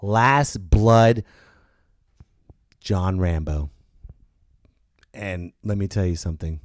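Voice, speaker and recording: A man's voice: lowish voice, animated, slow, pauses often, no room sound, studio quality. A man hosting a comedy podcast, ranting about a movie in an exaggerated, profane way. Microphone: podcast mic.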